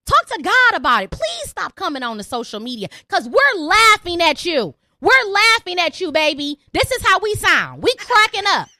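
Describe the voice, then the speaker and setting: Loud mouthed young woman podcast host, super high bright voice, dry close sound. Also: normal speed, few pauses. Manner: brash, profane, animated ranting. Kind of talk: call-in podcast rant.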